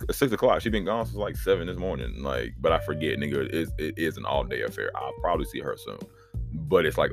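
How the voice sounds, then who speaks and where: Deep-voiced profane man ranting on a podcast. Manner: profane, rambling and animated. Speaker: podcast host. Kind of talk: casual solo podcast monologue.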